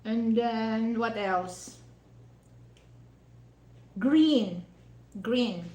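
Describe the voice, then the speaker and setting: Slow rambling woman, echoey room. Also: medium pitch. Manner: rambling, heavy "you know" fillers, non-native phrasing. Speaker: vlogger. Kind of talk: casual chat over dinner.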